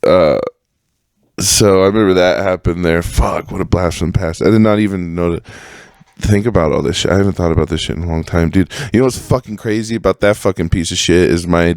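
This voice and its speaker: Young male podcast host, low voice, dry close sound, profane rambling storyteller. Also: a little fast, a little mellow, clear, resonant tone, no room sound. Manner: profane, rambling, full of fillers and self-corrections. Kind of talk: casual storytelling monologue.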